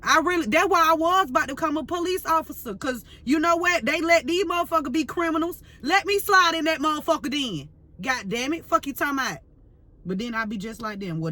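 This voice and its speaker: A woman's voice: sits high, fairly quick, pushed and bright. A woman tarot reader ranting to camera, fiery and profane, full of slang and repeating herself as she vents. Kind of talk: heated unscripted rant to camera.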